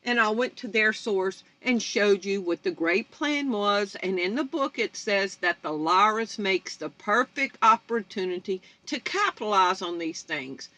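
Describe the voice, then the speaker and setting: Speaking at an unhurried pace with few pauses, this woman has a medium-pitched, sharp voice with lively intonation. She's the host of her own channel, in her 50s and from North Baton Rouge, Louisiana, firing off a blunt, confrontational rant at viewers.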